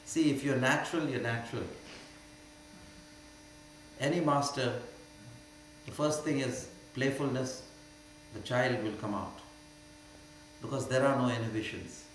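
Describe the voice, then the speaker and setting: A man's voice: mid-range voice, unhurried, pauses often. Older Indian man teaching in an echoey hall. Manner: emphatic, swings from quiet to loud and mocking. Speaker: spiritual teacher. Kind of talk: spiritual Q&A talk. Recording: very echoey hall with faint hum.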